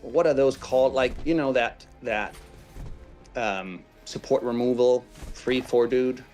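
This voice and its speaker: Stream guest, mid-pitched man, relaxed thinking aloud, faint music. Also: a little slow. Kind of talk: casual chat.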